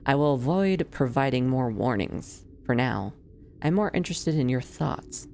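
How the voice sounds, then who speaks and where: A streamer reading the lines of a calm disembodied male spirit from a game, in measured, patient formal speech. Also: medium pitch, vocal fry, slight background noise. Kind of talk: reading game dialogue aloud.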